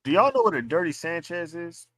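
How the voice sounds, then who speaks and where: A man's voice: a little high, expressive, fairly quick, a bit bright, dry recording. A man teasing and joking with the host in casual podcast banter.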